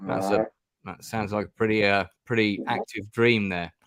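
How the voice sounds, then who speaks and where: With a fairly bright, lowish voice and fairly even intonation, a middle-aged streamer chats casually at normal speed while playing a gamebook. His talk rambles, peppered with ums and restarted sentences, and there is no echo.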